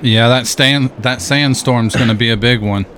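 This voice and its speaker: A man improvising a game role-play in a relaxed, plain voice, playing along. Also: medium pitch, moderate pace, a little hiss or hum. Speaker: player roleplaying a character.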